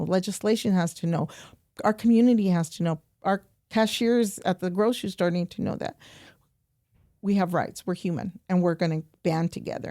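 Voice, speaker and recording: A woman guest on a podcast interview, telling animated stories and repeating points for emphasis. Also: fairly low pitch, gravelly, no room sound, studio quality. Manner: animated storytelling, quoting herself and others. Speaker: guest, nonprofit program director.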